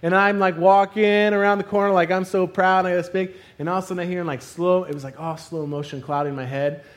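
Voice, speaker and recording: A man preaching a sermon, telling a funny personal story and acting out the scenes with loud exclamations. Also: high voice, fairly even intonation, fast. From Arizona.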